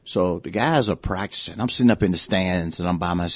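A man's voice: sits low, brisk, no echo. Older man telling rambling basketball stories. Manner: rambling anecdotes, frequent restarts and "you know". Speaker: former basketball coach, guest. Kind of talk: casual storytelling interview.

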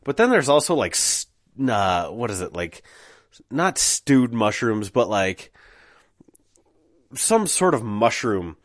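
A man's voice: on the low side, sing-song, takes it slowly, long pauses, no room sound. Brief: casual male storyteller, self-deprecating, filler-heavy, dead dry recording.

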